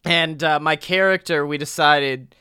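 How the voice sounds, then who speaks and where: Young dude cohosting a podcast, kinda high voice, smooth and bright, super animated storytelling. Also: male voice, a little slow, no room sound, studio quality. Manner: animated storytelling with loud high-pitched acted quotes. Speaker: podcast co-host. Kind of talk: casual chat.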